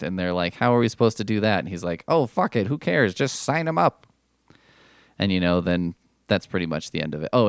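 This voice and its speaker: A low-voiced man hosts a podcast and recaps a story in a casual, sarcastic way, full of profanity and quick mock voices. His pitch swings widely as he talks. The recording is close and dry, with no room echo. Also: smooth. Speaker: podcast host.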